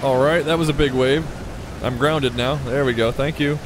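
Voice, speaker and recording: A man's voice: mid-range voice, normal speed, background noise. Chatty young man narrating gameplay. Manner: chatty, excitable, swears freely, talks to the game. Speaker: gaming YouTuber. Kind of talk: casual let's-play commentary.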